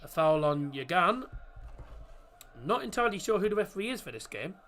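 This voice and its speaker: Male watchalong host, bright and forceful, casual commentary with plenty of rambling asides to viewers. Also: high voice, big pitch swings, brisk. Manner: chatty and rambling, corrects himself, chats with viewers. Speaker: host of a football watchalong stream. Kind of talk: casual live match commentary.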